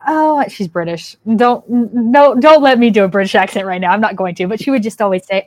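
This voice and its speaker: A woman's voice: mid-range voice, normal speed, dry recording. A woman hosts a podcast, telling stories candidly and with plenty of life, often dropping into little quoted voices. Her voice sits in a middle range and sounds close and dry, with hardly any room around it. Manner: candid, animated storyteller with quoted asides. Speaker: podcast host. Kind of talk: casual chat.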